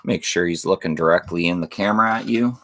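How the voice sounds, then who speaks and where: A man's voice: deep voice, fast, fairly bright tone. A middle-aged man hosting a casual livestream, reading viewer comments aloud and joking like an auctioneer. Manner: reads chat aloud, mock auctioneer banter. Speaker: livestream host.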